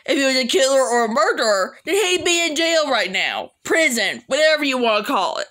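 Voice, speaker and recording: A woman hosting a reaction video, giving slow, scolding commentary on clips. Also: high-pitched, very animated, fairly bright tone.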